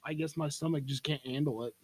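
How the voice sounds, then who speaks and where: A man co-hosting a casual podcast, trading jokes and quick banter. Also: fairly high pitch, fairly even intonation, darkish tone, slightly rough. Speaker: podcast co-host.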